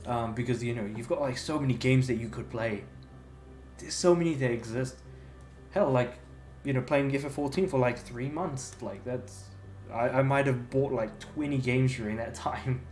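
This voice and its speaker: A man's voice: mid-range voice, moderate pace, a little mellow. Rambling male game streamer in an echoey room. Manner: rambling, many fillers and restarts. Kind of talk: casual chat while livestreaming. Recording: echoey room, faint music behind.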